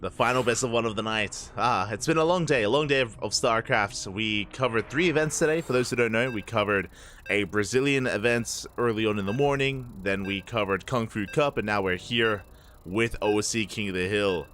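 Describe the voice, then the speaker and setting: Tired low-voiced male game caster. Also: moderate pace, fairly bright tone, slight background noise. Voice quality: slightly slurred words. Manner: chatty, hypes with repeated catchphrases. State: tired, late at night. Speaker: esports caster. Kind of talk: live game commentary.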